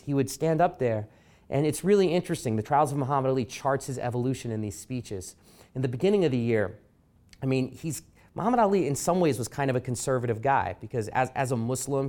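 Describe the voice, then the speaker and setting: A man giving a talk at a library as an author, telling stories and acting out quotes with lively energy. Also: medium pitch. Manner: animated storyteller acting out quotes. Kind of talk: public lecture with anecdotes. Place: library event room.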